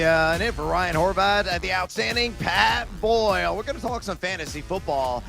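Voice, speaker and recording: A man's voice: sits high, moderate pace, creaky, few pauses, pushed and bright, soft background music. A man hosting a sports betting talk show, chatting casually with jokes and lots of "uh" fillers. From Central Illinois. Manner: rambling, jokey, many "uh" fillers.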